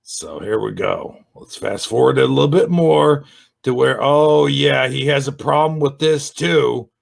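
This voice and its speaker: A man reviewing another YouTube channel in an angry, sarcastic rant, swearing and shouting often. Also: medium pitch, measured pace, vocal fry. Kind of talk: ranting video commentary.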